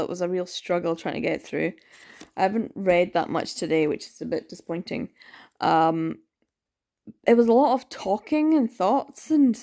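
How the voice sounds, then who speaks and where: A woman's voice: mid-range voice, a little mellow. Chatty woman vlogging her reads. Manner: chatty, rambling, laughs often, lots of ums. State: tired, yawning. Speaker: book vlogger. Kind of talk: casual reading vlog chat.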